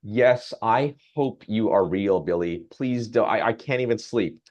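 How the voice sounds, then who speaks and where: A man playing an excited, lovestruck elderly man who exclaims breathlessly. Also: fairly low pitch, measured pace, highs cut off, lightly acted. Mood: giddy.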